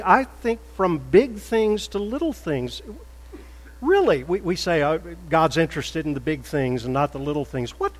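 A man preaching a sermon as a pastor, measured and deliberate, rising to loud emphatic peaks. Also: high-pitched. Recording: echoey hall with faint mains hum.

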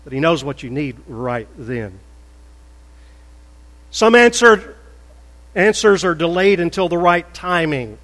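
A man preaching a sermon as a pastor, measured and deliberate, rising to loud emphatic peaks. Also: on the high side, lively intonation. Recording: echoey hall with faint mains hum.

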